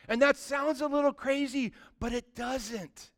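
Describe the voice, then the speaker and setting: A male pastor preaching a sermon with passion, rising to loud exhortations and dropping to hushed, drawn-out emphasis, and briefly acting out the voices of people he quotes. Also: very high-pitched, steady tone.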